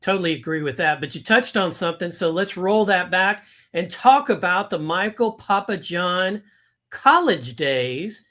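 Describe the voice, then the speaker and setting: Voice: mid-range voice, expressive, measured pace, a bit bright. An interview host who asks eager, rambling questions, full of restarts. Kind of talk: casual live interview.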